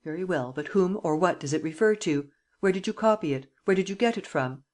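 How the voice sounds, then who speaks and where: An audiobook reader voicing a cunning, mocking gentleman thief who taunts and bargains, with a theatrical, triumphant manner. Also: medium pitch, animated, fairly quick, lightly acted. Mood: stern. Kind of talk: audiobook character reading.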